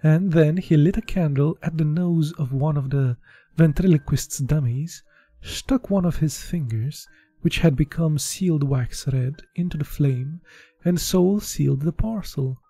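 A man's voice: fairly high pitch, unhurried, dark tone, dry recording. A man from Eastern Europe doing a casual, unpolished live reading of a book, with slips and restarts. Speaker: audiobook reader.

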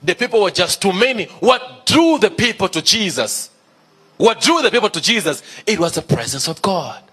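A man's voice: high-pitched, big pitch swings, moderate pace, sharp tone, husky. A male pastor preaching a sermon, emphatic, repeating key phrases and asking the congregation questions.

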